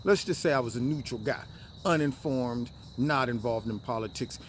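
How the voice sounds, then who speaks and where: A man hosting a solo political commentary show, talking in an animated way and acting out other people with high, exaggerated voices. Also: normal speed, a little hiss or hum.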